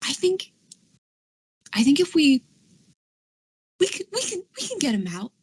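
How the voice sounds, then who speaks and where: A woman's voice: high voice, very animated, unhurried, a little mellow, dry recording, voice pushed up. A woman doing a haunted porcelain doll in a put-on American accent. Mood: eager.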